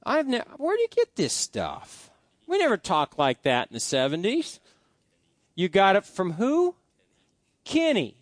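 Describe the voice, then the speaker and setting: A middle-aged man delivers a sermon in a high, lively voice that leaps up and down. He tells homey stories with frequent restarts and asides. The sound is dry and close. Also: measured pace, long pauses, dry recording. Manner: folksy storytelling with many restarts. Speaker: pastor.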